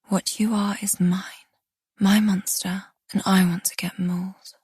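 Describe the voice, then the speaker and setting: A woman voicing a breathy, whispering seductive wife. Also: mid-range voice, level tone, a little slow, a little mellow, no room sound, clean studio sound. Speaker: duet audiobook narrator. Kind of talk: audiobook dialogue reading.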